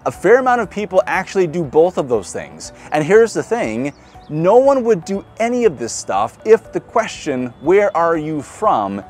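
A man's voice: on the high side, normal speed, soft background music. A male pastor with a Midwestern American accent, preaching a sermon and acting out quoted voices. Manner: lively, acts out quoted voices.

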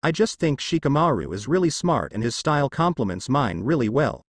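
A man's voice: medium pitch, very animated, brisk, slightly rough, no room sound, clean studio sound. A man voicing a brash, teasing teenage boy ninja. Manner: cocky and teasing.

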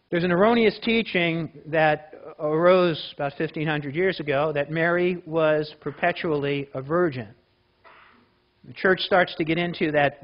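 A man preaches to a church congregation, his voice sitting high for a man. He talks in a loose, conversational way, restarting phrases and asking the listeners questions. The recording is dull and lo-fi. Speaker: pastor. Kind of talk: sermon.

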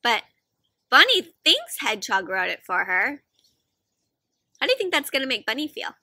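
A woman reading a picture book aloud to children, animated and asking the listeners questions as she goes. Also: high voice, normal speed, no room sound. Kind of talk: interactive read-aloud for kids.

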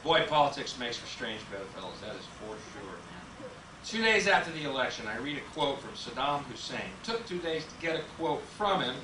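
A man's voice: mid-range voice, sing-song, fairly quick. A man doing a sardonic, profane stand-up routine, slipping into mocking voices of the people he talks about. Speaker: stand-up comedian. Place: comedy club stage with a laughing audience. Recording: roomy live recording from a distance, loud crowd and noise.

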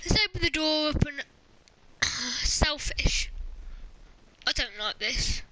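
High bright woman gaming. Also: lively intonation, slow, a little hiss or hum. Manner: chatty, joking, shrieks at scares. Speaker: gamer. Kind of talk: let's play commentary.

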